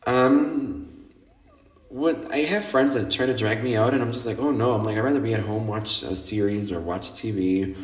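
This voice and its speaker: A middle-aged man from the United States tells stories in an animated, casual way, joking at his own expense and laughing often. His voice sits in an ordinary middle pitch. The room around him adds a noticeable echo. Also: moderate pace. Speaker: podcast host. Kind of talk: casual storytelling monologue. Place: home in Mexico.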